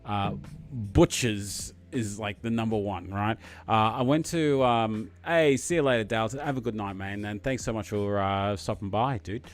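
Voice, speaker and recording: A man with an Australian accent chatting casually on a live stream, excitable and full of fillers. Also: lowish voice, normal speed, soft background music.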